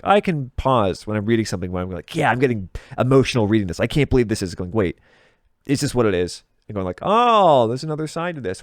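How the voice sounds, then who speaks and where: A man in his thirties, a video game content creator guesting on a podcast, speaks in a lowish, darkish voice. He talks loosely and candidly in a casual interview chat, swearing freely and laughing at himself. The sound is studio quality, with no echo.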